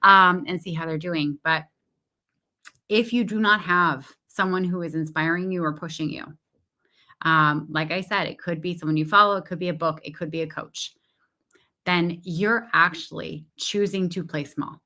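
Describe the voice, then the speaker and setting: A woman's voice: fairly low pitch, steady tone, moderate pace, bright, forceful tone. A woman business coach talking candidly and animatedly to her listeners, correcting herself and laughing as she goes. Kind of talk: casual solo podcast talk.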